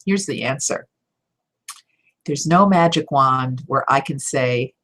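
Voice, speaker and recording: A woman voiceover coach answering viewer questions in a live Q&A, direct and encouraging, with emphatic stresses and quick laughs. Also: very deep voice, a bit bright. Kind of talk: live Q&A teaching talk.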